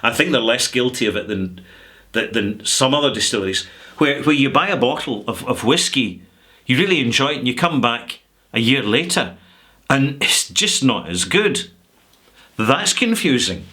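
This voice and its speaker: A middle-aged Scottish man vlogging to camera, talking casually with sarcastic, drawn-out emphasis. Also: medium pitch, animated, bright, forceful tone. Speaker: whisky vlogger.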